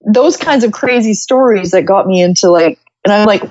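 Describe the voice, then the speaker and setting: A woman's voice: medium pitch, normal speed, darkish tone, lo-fi sound. A woman from Canada, chatting as a podcast guest, telling jokey stories and laughing often. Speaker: podcast guest, musician and gardener. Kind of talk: casual interview chat.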